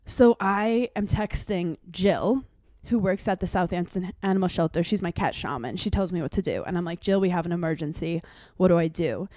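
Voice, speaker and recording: A young woman co-hosting a podcast, telling a story in a casual, animated way and acting out the voices of other people. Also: fairly low pitch, fairly quick, dry recording. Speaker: podcast co-host.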